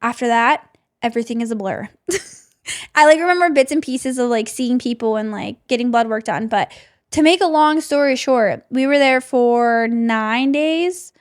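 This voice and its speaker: A young woman hosting a podcast, telling a personal story in a chatty way, with "like" in nearly every sentence. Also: a little slow. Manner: chatty, says "like" constantly, drops to a soft low voice for tense parts. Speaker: podcast host. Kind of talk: personal storytelling, casual chat.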